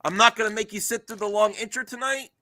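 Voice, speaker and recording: A man hosting a casual livestream chat, animated and joking, swearing now and then. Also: sits high, fast. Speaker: livestream host. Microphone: webcam mic.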